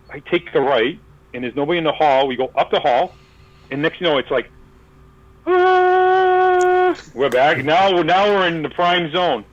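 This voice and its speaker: A man appearing as a guest on a podcast tells a long story in casual chat, acting out the voices of the people in it and using plenty of fillers and restarts. His voice is on the high side, and the audio sounds dull.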